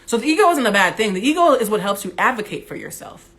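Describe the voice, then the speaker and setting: A young adult woman with a big, loud voice, hosting a candid livestream monologue on her phone, blunt and animated, with some profanity. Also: fairly high pitch, quick pace. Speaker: Instagram Live host.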